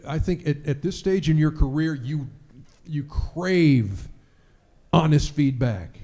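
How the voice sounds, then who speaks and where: A man's voice: on the high side, takes it slowly, warm tone. A middle-aged sportscaster giving a speech to an audience, telling stories animatedly and acting out the lines he quotes.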